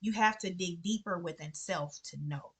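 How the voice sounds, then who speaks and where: A woman's voice: on the low side, normal speed, a bit bright, husky. A woman with children, talking earnestly to camera in a casual vlog and repeating phrases for emphasis. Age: adult with children. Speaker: vlogger sharing favorite books. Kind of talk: casual heartfelt chat to camera.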